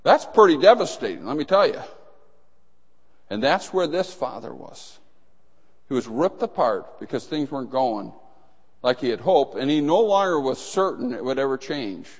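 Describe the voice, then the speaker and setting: A man's voice: mid-range voice, sing-song, moderate pace, breathy edge. A man preaching a sermon, emphatic, acting out the dialogue of the people in his story. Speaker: pastor. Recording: long hall reverb.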